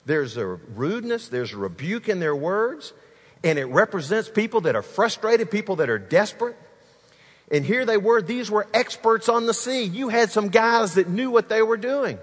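Male pastor delivering an animated sermon, husky tone, big reverberant hall. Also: high voice, normal speed. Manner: animated preaching, addresses the congregation directly.

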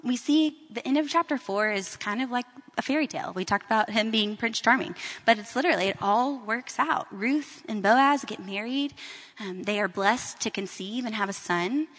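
Woman Bible teacher, casual storytelling delivery, somewhat high voice, echoing hall. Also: normal speed, a bit bright. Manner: casual, conversational storytelling with fillers.

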